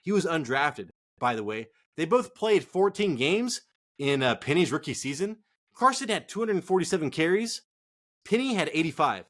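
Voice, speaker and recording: A man's voice: a little high, sing-song, moderate pace, fairly bright tone. A man co-hosting a fantasy football show, ranting casually with heated swearing. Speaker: fantasy football podcast co-host. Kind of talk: casual profane rant.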